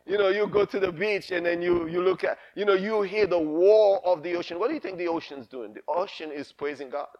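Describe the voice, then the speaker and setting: Fervent preacher man, higher voice. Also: fairly quick, vocal fry, hardly any pauses, lo-fi sound. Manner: fervent, repetitive call-and-response preaching. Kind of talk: sermon.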